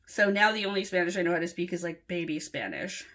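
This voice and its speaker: A woman's voice: on the low side, animated, fast. A woman from Los Angeles with a Los Angeles accent, chatting casually and rambling a little while she fills in her planner. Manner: chatty, rambling, soft-spoken with filler words. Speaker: planner vlogger. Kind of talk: casual plan-with-me chat.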